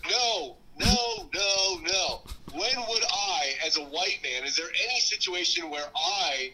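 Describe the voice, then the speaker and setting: A man's voice: high voice, animated, slow pace, sharp tone, a little hiss or hum, low-quality recording. A man chatting over a remote call, rambling and hesitant with lots of fillers. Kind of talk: casual chat.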